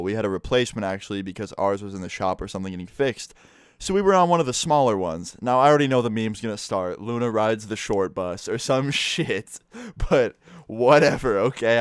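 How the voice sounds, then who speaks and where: A man's voice: on the low side, clear, resonant tone, dry recording, studio quality. A man telling a childhood story in a casual, profane vlog style. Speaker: vlogger.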